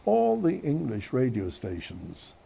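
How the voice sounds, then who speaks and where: Gravelly Irish man telling a rambling story. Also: mid-range voice, huge pitch swings, slow, mellow. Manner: chatty, digressive, many restarts and asides. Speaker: radio host. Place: outdoors on a windy day. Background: wind.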